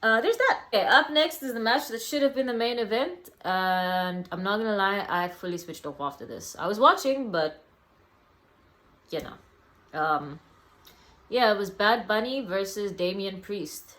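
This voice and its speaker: A woman's voice: medium pitch, animated, a little slow, fairly bright tone. Woman vlogger going over a wrestling show, chatty and rambly, lots of ums. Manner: rambling, full of ums and little laughs. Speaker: wrestling reviewer. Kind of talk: casual vlog review.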